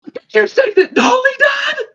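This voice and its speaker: A shrill, frantic carnival owner. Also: male voice, lively intonation, normal speed, creaky, bright, forceful tone, muffled recording, heavily acted. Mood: hysterical. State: sobbing, hyperventilating. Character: tall excitable male carnival owner.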